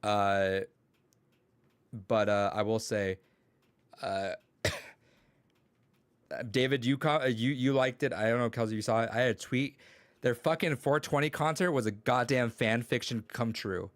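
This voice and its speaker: With a mid-range voice, a measured pace and long pauses, a young podcast co-host who teaches chats casually. He tells rambling stories loaded with swearing and quoted dialogue, and there's no echo.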